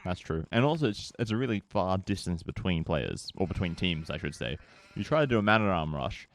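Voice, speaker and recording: Deep, fast-talking male co-caster. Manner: playful banter, quick and lively. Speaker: esports co-commentator. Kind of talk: casual game commentary.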